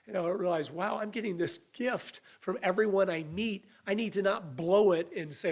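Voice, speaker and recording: A man's voice: sits high, moderate pace. A man preaching a sermon in an earnest, conversational way, his voice a little weak. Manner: earnest, conversational preaching with restarts and acted quotes.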